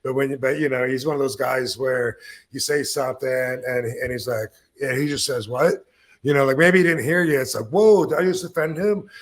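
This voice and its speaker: A man's voice: mid-range voice, brisk, a bit bright. A man in his fifties telling a long, rambling story in casual chat, swearing freely and laid-back. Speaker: podcast host telling stories.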